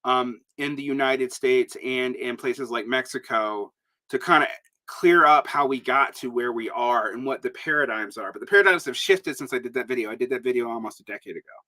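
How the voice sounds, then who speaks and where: A man's voice: medium pitch, sharp tone. A man hosting a casual live stream, answering chat questions in a rambling, digressive way with blunt asides. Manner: rambling, digressive, with many fillers; blunt, emphatic.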